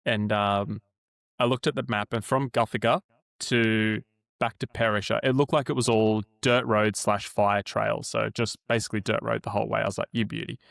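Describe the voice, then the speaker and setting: A man's voice: on the low side, moderate pace, gravelly, no room sound, clean studio sound. An Australian man in his twenties or thirties, co-hosting a podcast, telling a rambling anecdote with casual swearing. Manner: laid-back, swears freely, animated anecdotes. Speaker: podcast co-host. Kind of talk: casual storytelling chat.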